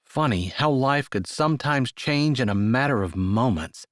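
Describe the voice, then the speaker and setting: Steady male audiobook narrator, dry studio. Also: medium pitch, dry recording. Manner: steady, measured storytelling. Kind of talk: scripted narration.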